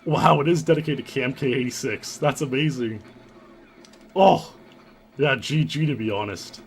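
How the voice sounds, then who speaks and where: Earnest young man telling his story. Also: mid-range voice. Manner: earnest, halting, with repeated restarts. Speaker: channel host narrating his own story. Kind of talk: reflective storytelling commentary.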